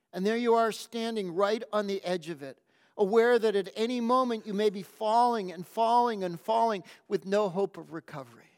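A man preaching a sermon, telling a story in a slow, gentle, reflective way. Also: sits high. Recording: long hall reverb.

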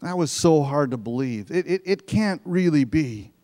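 A man's voice: fairly high pitch, lively intonation, normal speed, darkish tone. A man preaching a sermon in a church sanctuary, reading verses and explaining them in a conversational way. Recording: long reverb of a church hall.

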